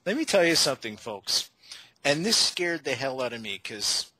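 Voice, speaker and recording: A Canadian man hosting a paranormal talk show, telling stories in an animated way and addressing his listeners as folks. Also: medium pitch, normal speed, breathy edge, no room sound, rough recording. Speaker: radio show host. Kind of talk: casual chat.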